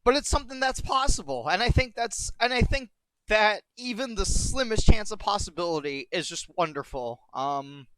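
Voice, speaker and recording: Tearful, halting young man streaming. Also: sits high, expressive, sharp tone, clean tone, dry recording. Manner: rambling, halting, emotional, repeats himself. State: tearful, on the verge of crying. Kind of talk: emotional live-stream monologue.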